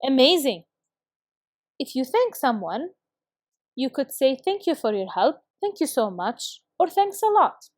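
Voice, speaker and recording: A woman teaches schoolchildren English in a video lesson, reading example phrases slowly and carefully and praising her students often. Her voice sits high with a sing-song, darkish tone, recorded in a clean studio with no echo.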